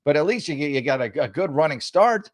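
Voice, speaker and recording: A man's voice: a little high, expressive, a little fast, dry recording, studio quality. Sarcastic male talk host. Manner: sarcastic, mocking, rambling with restarts. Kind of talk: casual political commentary.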